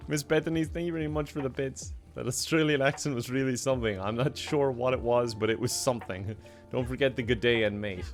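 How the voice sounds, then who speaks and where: A man's voice: medium pitch, brisk, hardly any pauses, faint music behind. A young man streaming a game, chatting casually, laughing often and reading out donations. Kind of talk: casual live-stream chat while gaming.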